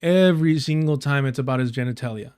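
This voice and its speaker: A man's voice: mid-range voice, quick pace, darkish tone, smooth, dry recording, clean studio sound. A man hosting a live stream, giving angry, repetitive commentary on a clip, swearing often. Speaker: live stream host reacting to clips.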